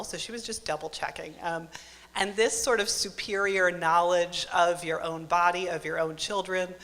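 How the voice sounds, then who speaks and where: A woman in her thirties tells a true story with dry, self-mocking asides, her voice crisp and bright. She sits a little low in pitch for a woman. She speaks into a stage microphone, and a long hall reverb trails each phrase. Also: a little hiss or hum. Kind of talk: live comic storytelling. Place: stage at a live event venue.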